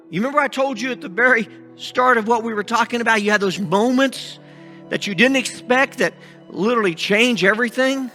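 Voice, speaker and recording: A man acting out a scheming blind beggar in a first-person sermon monologue, halting and restarting often, with faint music behind him. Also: extremely high pitch, exaggerated voice. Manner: halting with many restarts, shouting out pleas. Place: church sanctuary.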